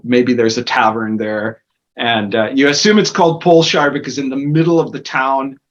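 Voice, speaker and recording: Acting as game master for a tabletop game, a man narrates in a rambling style full of fillers. His medium-pitched voice stays steady at a normal speed, and the recording sounds dull and lo-fi.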